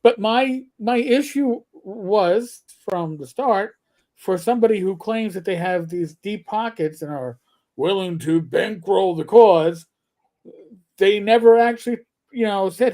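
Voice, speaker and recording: A man's voice: sits high, measured pace, warm tone. A man and former police officer co-hosting a casual livestream discussion, joking and skeptical.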